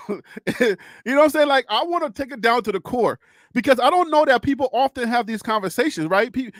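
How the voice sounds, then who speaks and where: A man's voice: high-pitched, a bit bright, dry recording. A man hosting a casual political discussion, laughing often, talking straight to one person and walking through things step by step. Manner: addresses a caller or chatter directly. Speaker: host.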